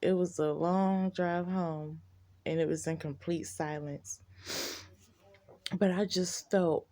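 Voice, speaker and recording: A woman telling a casual storytime vlog to her viewers, profane and animated, talking to them as y'all. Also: fairly low pitch, slow pace.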